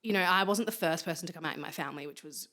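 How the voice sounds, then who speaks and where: A woman's voice: low-pitched, rapid-fire. A woman telling stories as a podcast guest in a casual chat, acting out quoted people with bursts of laughter. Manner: animated storyteller, acts out quotes with laughter.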